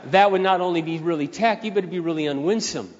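A man's voice: high-pitched, quick pace, slight background noise. Emphatic preaching man in a reverberant hall. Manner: emphatic repetition, swelling louder on key phrases. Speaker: pastor. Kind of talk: sermon. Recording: dull sound, long hall reverb.

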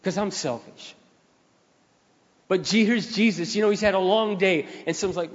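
A male pastor preaching a sermon, repeating key phrases and swelling louder to drive them home. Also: high voice, moderate pace, pauses often. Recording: dull sound, long hall reverb.

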